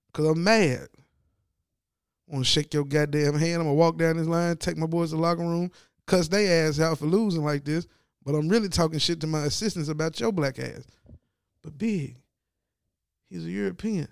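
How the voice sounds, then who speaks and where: A man giving a casual, profane sports commentary rant, animated and mocking as he talks. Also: a little high, normal speed, gravelly, long pauses, dry recording, clean studio sound.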